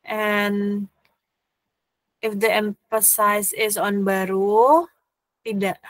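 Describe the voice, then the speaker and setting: A woman teaching a language lesson, explaining grammar slowly and patiently with examples. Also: mid-range voice, steady tone, dry recording.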